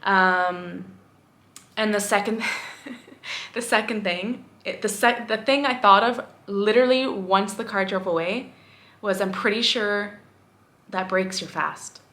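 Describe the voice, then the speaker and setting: A woman's voice: mid-range voice, a bit bright. Candid, rambling young woman vlogger. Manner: candid, rambling, self-reflective, with frequent fillers. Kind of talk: casual talking-head vlog.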